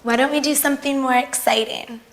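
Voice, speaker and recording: An actress playing Kimberly, eager fun-seeker. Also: female voice, high voice, steady tone, fairly quick, a little hiss or hum, natural voice, low-quality recording. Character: lively young woman visiting London, fun-seeking. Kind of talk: scripted sitcom-style learner drama.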